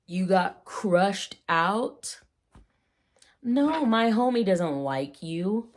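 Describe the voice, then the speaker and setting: A woman vlogging casually about slang, playful and rambling, with jokey asides and quick tangents. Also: mid-range voice, expressive. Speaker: vlogger explaining old slang. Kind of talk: casual chat.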